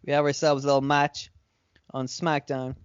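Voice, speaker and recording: An exasperated, swaggering male wrestler, as a podcaster quotes him in his own clear voice, griping with offhand profanity. The sound is dry and slightly dull. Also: medium pitch, flat delivery, normal speed, no echo, close to an everyday voice. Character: annoyed, cocky male wrestler.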